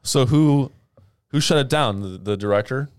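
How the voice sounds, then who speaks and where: A man's voice: mid-range voice, moderate pace, no room sound, studio quality. A man co-hosting a comedy podcast, asking teasing questions in playful banter. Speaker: podcast co-host.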